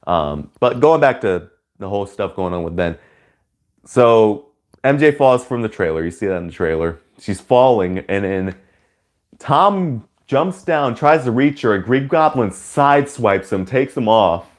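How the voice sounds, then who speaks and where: Excitable man reviewing a movie, low voice. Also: measured pace. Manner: excitable, bursts into loud high-pitched cheers; rambling, with many fillers like "like" and "you know". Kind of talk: casual spoken movie review.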